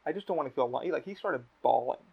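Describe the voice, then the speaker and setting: A young man with a gravelly, creaky voice hosts a casual podcast chat. He talks emotionally, swears a lot and often restarts his sentences. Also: medium pitch, lively intonation, racing, muffled recording. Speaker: podcast host.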